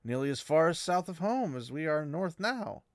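A man reading a book passage aloud, voicing a gruff, blunt young man in a lightly acted quote. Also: on the high side, sing-song, normal speed, no room sound, studio quality, voice pushed up. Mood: incredulous.

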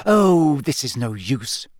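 A man voicing a studious, insistent teenage girl with a brisk, cross manner, in a storybook reading. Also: mid-range voice, big pitch swings, no room sound, studio quality.

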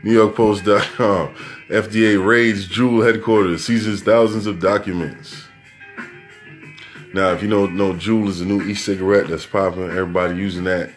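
Low-ish voiced guy ranting and cussing on his podcast, rambly news riffs, faint music behind. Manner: brash, rambling, swearing freely. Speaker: podcast host. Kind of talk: profane news commentary podcast.

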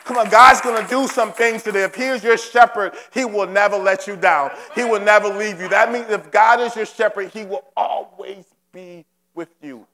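A man with a high, gravelly voice preaches a fervent sermon, circling back to the same phrases and calling on the congregation to respond. His words ring out with a long reverb from the hall around him. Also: steady tone, normal speed, pushed and bright. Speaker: pastor. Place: church service.

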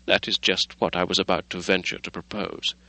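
A man's voice: flat delivery, brisk, pushed and bright, dry recording, low-quality recording. A man reading the part of a weary, frightened middle-aged doctor who speaks drearily and sighs. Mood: polite. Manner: dreary, sighing, low.

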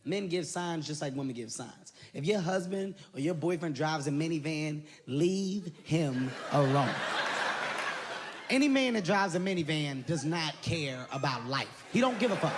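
A man performing a stand-up comedy routine, loud and animated, swearing often and shouting his punchlines. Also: fairly high pitch. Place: large venue with a live audience. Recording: live show with crowd laughter and noise.

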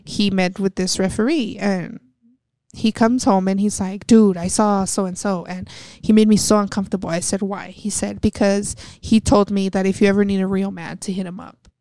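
A woman's voice: medium pitch, steady tone, normal speed, dark tone, no echo. A young woman from West Texas, a professional wrestler, candidly telling stories and acting out the dialogue, swearing freely. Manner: blunt, swears freely, acts out quoted dialogue. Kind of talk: candid storytelling chat.

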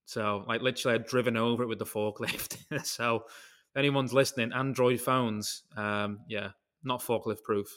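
A man's voice: mid-range voice, steady tone, normal speed, a bit bright. A man with a British accent, hosting a casual podcast chat and telling a long, rambling story full of tangents and casual swearing. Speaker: podcast host.

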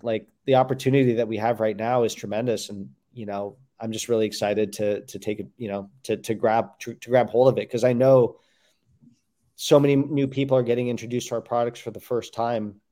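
A man's voice: medium pitch, fairly even intonation, brisk, dark tone. A man, a food brand founder, speaking as a guest in a casual interview, earnest and often restarting his sentences. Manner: earnest, many restarts and "like" fillers.

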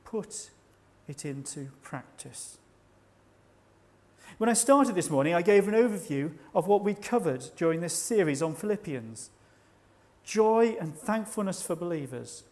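A man preaching a sermon at a church service, measured and reflective, slowing down to stress key words. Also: high-pitched, warm tone. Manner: measured, reflective, slows for emphasis.

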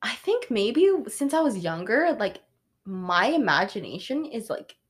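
A woman's voice: mid-range voice, very animated, measured pace. A young adult woman co-hosting a podcast, chatting in a giggly, rambling way. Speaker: podcast co-host. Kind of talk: casual chat.

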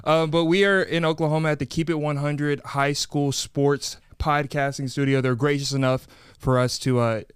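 Young male podcast host, slightly high, smooth voice; upbeat, chatty storyteller. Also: normal speed, few pauses, dry recording, clean studio sound. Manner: energetic, storytelling. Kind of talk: casual podcast chat. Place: podcast studio.

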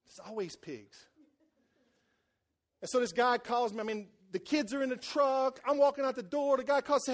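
A man preaching a sermon as a folksy personal story, loud and emphatic. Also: very high-pitched, fairly even intonation, normal speed. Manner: folksy storytelling, voices quoted people.

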